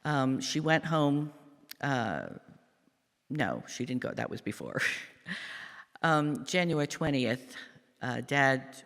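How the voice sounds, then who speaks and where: An older man giving a church meditation, telling a family story in a halting, reflective way with many pauses and fillers. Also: mid-range voice, very animated, fairly bright tone. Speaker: lay speaker giving a meditation. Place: church sanctuary. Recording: long church reverb.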